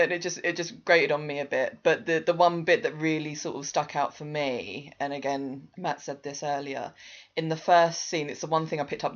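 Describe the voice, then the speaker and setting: An English man co-hosting a podcast, talking in an animated, exasperated way as he criticises. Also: a little high, dull audio. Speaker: podcast co-host. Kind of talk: casual chat.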